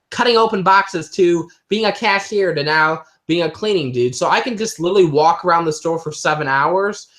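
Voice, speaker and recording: A man's voice: on the high side, a bit bright. A young man chatting casually on a livestream, telling rambling, self-mocking stories about work. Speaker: livestream co-host. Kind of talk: casual chat.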